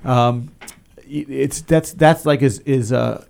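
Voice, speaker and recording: Guy with a gravelly voice on local radio, rambly, lots of restarts and jokes. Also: mid-range voice, steady tone, slow, darkish tone. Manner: rambling, many restarts and fillers, jokey. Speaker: cultural council member, guest. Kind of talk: radio talk show chat.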